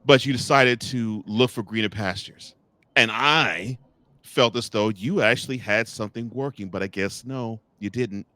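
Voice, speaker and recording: Heard at normal speed in a lowish voice without echo, a man hosts college football talk. His animated, joking style includes speaking directly to the coaches and officials he's covering.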